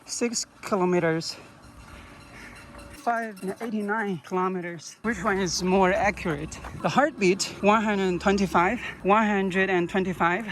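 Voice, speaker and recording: A man giving running commentary outdoors in a quiet park while jogging, speaking in short clipped phrases with simple grammar. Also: sits high, measured pace, a little hiss or hum. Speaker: vlogger testing a running watch.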